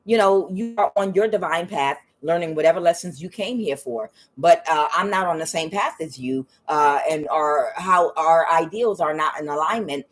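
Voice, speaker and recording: Female tarot reader, lowish voice, casual and profane, storytelling with mimicked quotes. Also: animated, normal speed, few pauses. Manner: frank and profane, with quoted asides in a higher voice. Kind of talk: casual spiritual reading and storytelling.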